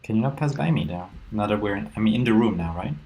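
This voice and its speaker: A man's voice: fairly low pitch, expressive, fast talker, mellow. A man chatting as a player in a tabletop game, in an upbeat manner. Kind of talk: casual game chat. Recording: faint background music.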